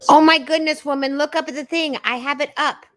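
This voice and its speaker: A woman's voice: high-pitched, fairly even intonation, a little fast, fairly bright tone. A woman chatting casually off camera in a playful, teasing way.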